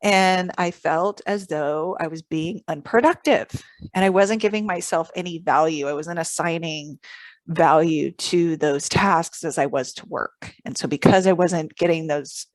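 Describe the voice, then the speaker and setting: A woman's voice: low voice, normal speed, no room sound. A woman talking casually to camera about self-care, earnest and reflective, with frequent fillers. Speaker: vlogger on emotional self-care. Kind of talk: casual advice monologue to camera.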